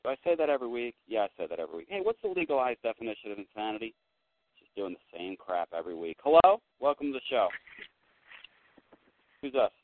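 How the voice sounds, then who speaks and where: Fired-up sports talk host on a tinny line. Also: male voice, medium pitch, sing-song, fast talker, pauses often, slight background noise. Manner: fired-up, ranting, swings between muttering and loud. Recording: tinny phone-line sound, dry.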